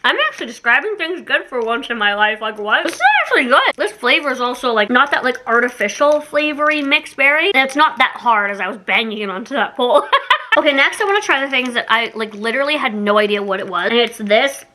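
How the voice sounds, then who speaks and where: A woman's voice: a little high, expressive, fast, pushed and bright, a little hiss or hum. A young woman from Canada chatting casually through a snack taste test, giggly and self-mocking. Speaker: YouTuber doing a taste test.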